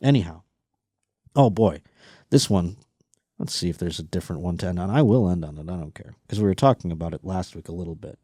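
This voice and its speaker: A man's voice: low voice, expressive, fairly quick, warm tone, husky, no room sound, studio quality. A man hosting a podcast, reading listener stories aloud and riffing on them with crude, sarcastic jokes. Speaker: podcast host. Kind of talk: comedic news commentary.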